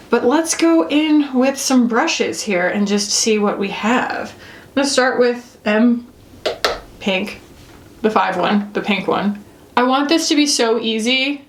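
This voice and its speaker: In an echoey room, a woman with a slightly high voice does a casual, playful makeup review. The bubbly beauty reviewer chats to herself as she applies products.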